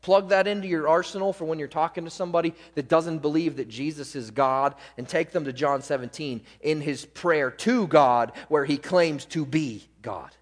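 A man preaching a sermon as pastor, pressing hard on key words and then dropping to quiet asides. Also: on the high side, normal speed, few pauses. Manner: emphatic, swings between loud stresses and quiet asides. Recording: long hall reverb.

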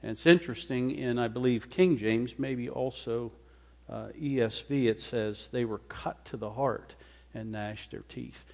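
A man preaching a sermon, mid-pitched, in a space with long reverb. He reads scripture and explains it. His voice climbs into forceful, emphatic stretches, then sinks to a quiet, low murmur. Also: unhurried, vocal fry. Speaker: pastor. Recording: hall reverb.

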